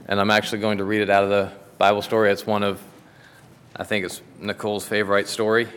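Low-voiced pastor in a reverberant hall. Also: male voice, fairly bright tone, clean tone. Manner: earnest, dramatic storybook reading. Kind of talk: sermon with a read-aloud Bible story.

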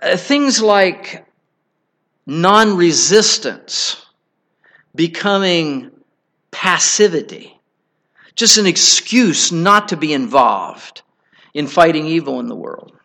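A middle-aged man preaching a sermon, telling a personal story in an earnest, halting way with many restarts. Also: fairly high pitch, expressive, pushed and bright.

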